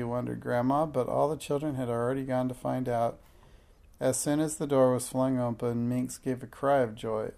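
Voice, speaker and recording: A man reading a children's storybook aloud in a warm, measured storytelling manner. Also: mid-range voice, steady tone, creaky. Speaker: narrator.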